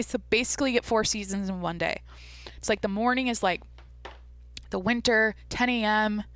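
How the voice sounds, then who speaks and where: A woman's voice: mid-range voice, a bit bright, clear, resonant tone. A woman hosts her own podcast solo, with a mid-height voice. She rambles through casual chat, cuts herself off to restart, and drops swear words freely. The sound is close and dry, with no room echo. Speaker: podcast host.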